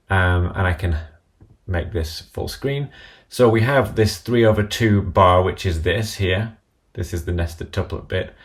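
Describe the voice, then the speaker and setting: A man with a very low, gravelly voice narrates a screen-recorded app tutorial. He explains each step calmly and in order, with a voice-over sound.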